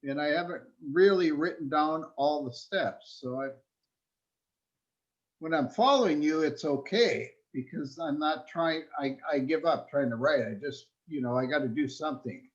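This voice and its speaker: Man, workshop participant, halting, filler-heavy, slightly high voice, muffled call sound. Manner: hesitant, halting, full of fillers. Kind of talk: asking a question on a video call. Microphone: video call. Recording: dull lo-fi call audio.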